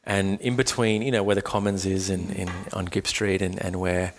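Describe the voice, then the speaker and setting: A man who teaches meditation, talking in a casual podcast chat, animated and storytelling, casually swearing and acting out the people he quotes. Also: sits low, moderate pace, background noise. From Australia.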